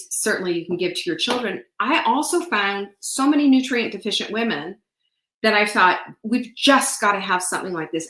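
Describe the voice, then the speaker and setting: This supplement-selling livestream host speaks from home in a mid-range voice that's bright and forceful, though the audio is poor and reverberant. Her casual sales talk rambles and gets teary, thick with fillers and restarts.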